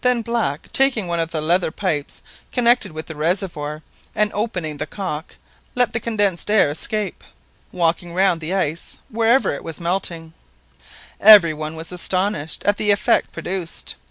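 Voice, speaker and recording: A man narrating an adventure novel aloud in a steady, clear reading. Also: sits high, normal speed, dry recording. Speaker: audiobook narrator. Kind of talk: scripted narration.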